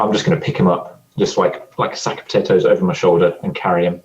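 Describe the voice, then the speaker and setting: A man playing a tabletop game, describing his character's actions in a halting way that repeats words. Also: low-pitched, steady tone, a little mellow. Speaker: player. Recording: dull lo-fi recording.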